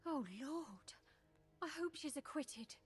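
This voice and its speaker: A timid young village girl from a video game,. She sounds nervous but earnest and humble. Her voice sits high. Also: slow pace, soft background music. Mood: anxious.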